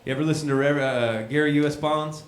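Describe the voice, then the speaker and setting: A man's voice: on the high side, fairly even intonation, fast. A man performing live, rambling and joking between songs, swearing casually and laughing at his own remarks. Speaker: singer-songwriter performing live. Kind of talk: live concert stage banter. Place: live music venue. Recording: roomy live recording with loud guitar.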